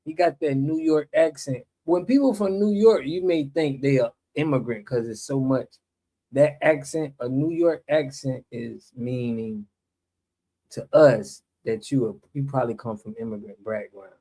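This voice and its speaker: Man, reaction host, casual commentary, relaxed talk to viewers, mid-pitched voice. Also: a little slow. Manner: laid-back, conversational, addresses viewers directly.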